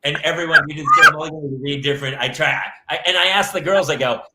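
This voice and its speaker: A man's voice: on the high side, fast talker, roomy sound. A middle-aged man hosting a podcast, telling stories animatedly and slipping into voices as he retells them. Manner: animated storyteller, does voices while retelling. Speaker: podcast host. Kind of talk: casual chat.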